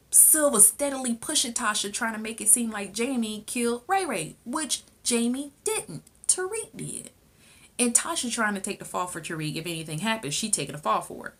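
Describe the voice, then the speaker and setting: A woman reviewing a TV episode in casual chat, sassy and animated, often laughing. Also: medium pitch. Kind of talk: casual chat, recapping a show.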